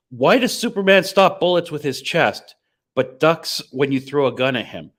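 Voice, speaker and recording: A man's voice: a little high, expressive, measured pace, fairly bright tone. A man co-hosting a casual livestream, bantering in a laid-back, joking way. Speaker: podcast co-host.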